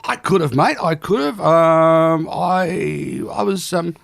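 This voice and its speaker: A middle-aged Australian man in casual podcast chat, telling stories in an animated, self-deprecating way and laughing often. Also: fairly high pitch, slow, creaky. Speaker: guest comedian.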